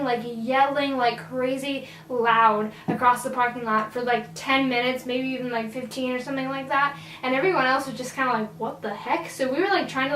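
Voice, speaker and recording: A woman's voice: high voice, fairly bright tone, roomy sound, distant mic, a little hiss or hum, poor audio. A teenage girl from Virginia telling a casual storytime, chatty and full of "like.". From Virginia, USA. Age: teens. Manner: chatty, filler-heavy "like". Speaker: vlogger.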